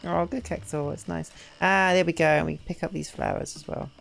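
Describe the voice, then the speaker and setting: Chatty, gravelly-voiced game streamer. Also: female voice, deep voice, fairly even intonation, brisk, faint music behind. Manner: chatty, self-deprecating, talks to chat. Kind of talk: casual gameplay commentary.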